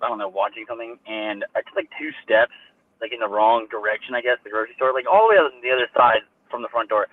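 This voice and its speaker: A man's voice: mid-range voice, quick pace. A young man telling a long, profane, rambling story in casual chat, full of fillers. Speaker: co-host. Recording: tinny phone-like line, dry.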